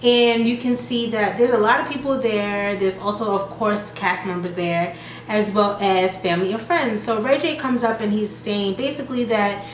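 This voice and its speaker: A woman's voice: medium pitch, steady tone, normal speed, echoey room. A woman casually recapping a reality TV episode, chatting and quoting the cast as she goes. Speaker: reality TV reviewer.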